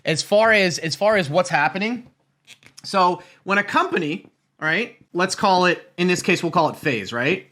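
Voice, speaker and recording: A man's voice: sits high, expressive, moderate pace, pushed and bright. A man casually explaining finance on his livestream, rambling and repeating himself, tagging "right?" onto his points, with jokey, profane asides. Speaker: stock trading streamer.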